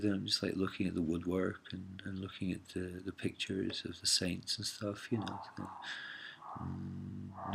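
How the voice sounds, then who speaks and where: A man with a lowish voice and a gravelly edge tells a story in a loose, rambling way. He hesitates often, trails off, and keeps calling the listener mate or man. His tone has a husky grain to it. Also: a bit bright. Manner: meandering, hesitant, full of fillers, calls listener mate and man. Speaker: vlogger telling a personal story. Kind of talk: casual rambling monologue.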